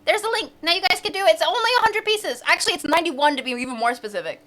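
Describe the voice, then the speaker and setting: A woman's voice: extremely high pitch, expressive, racing, bright, forceful tone. A woman from the central United States chatting casually on a live stream, bubbly and giggly, with sudden squeals.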